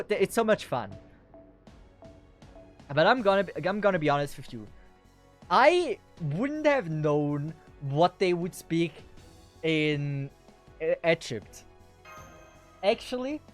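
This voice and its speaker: A casual game streamer at a middling pitch, rambling along and amusing themselves between moves. Soft game music runs underneath the chatter. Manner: chatty, rambling, self-amused.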